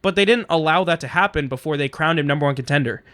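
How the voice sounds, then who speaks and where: A man's voice: a little high, quick pace, fairly bright tone, clear, resonant tone. A man co-hosting a wrestling podcast, giving earnest opinions in casual chat. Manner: earnest, opinionated, thinks aloud. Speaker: podcast co-host.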